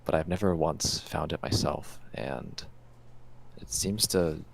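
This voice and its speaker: An earnest adventurer, played by a man with a very low, gravelly voice. He speaks haltingly, often restarting his sentences as he explains what he is searching for. The scene is in-character role-play in a tabletop game. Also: a little hiss or hum, exaggerated voice. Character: earnest male adventurer chasing a legend.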